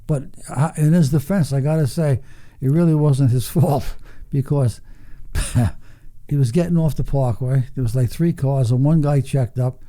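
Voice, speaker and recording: A man's voice: medium pitch, a little slow, dark tone. An older man, telling salty, profane stories with a chuckle as a guest. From Long Island, New York. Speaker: guest, racing veteran. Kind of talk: casual storytelling.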